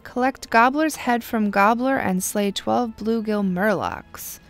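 Slow-talking gravelly woman game streamer. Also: on the high side. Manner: chatty, wry, drops to a murmur. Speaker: gameplay video host. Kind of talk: casual let's-play commentary.

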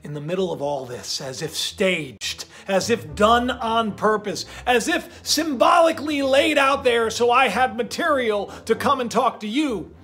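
A man hosting his own channel, rambling through animated, conspiratorial commentary with lots of repetition. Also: very high-pitched, measured pace, few pauses. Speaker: channel host.

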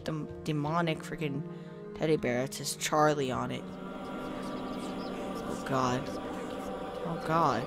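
A gaming video host giving casual let's-play commentary into a desk microphone at a home setup, chatting to viewers and reacting out loud to jump scares. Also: mid-range voice, fairly even intonation, a little slow, long pauses, music in the background. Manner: talks to the viewers and to himself while playing.

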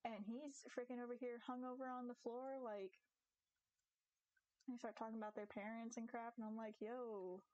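A young woman chatting casually on a live game stream, giggly and animated, talking to her viewers and her cat. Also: on the high side, moderate pace, lo-fi sound. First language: English. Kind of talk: casual live-stream chat while gaming.

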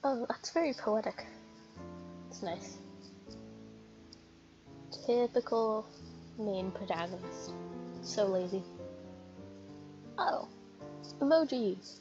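A woman's voice: mid-range voice, animated, slow, pauses often, mellow. A woman reading game text aloud with amused, joking asides in casual gameplay commentary. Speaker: let's player. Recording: muffled with game music behind.

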